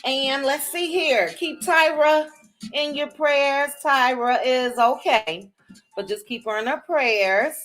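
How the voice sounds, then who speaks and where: A woman hosting a livestream, greeting viewers by name in a casual chat with drawn-out, chatty greetings. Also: sits high, fairly bright tone, faint music behind. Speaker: livestream host.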